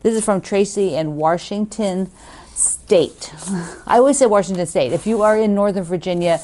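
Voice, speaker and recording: A woman's voice: mid-range voice, fairly quick, warm tone. A woman hosting a quilting video, chatting casually and gushing as she opens fan mail, laughing often. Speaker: quilting show host.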